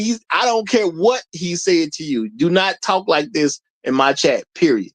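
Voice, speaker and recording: Speaking at normal speed in a high, expressive voice, a man hosting a livestream lectures his chat directly. His casual commentary comes across as blunt and preachy.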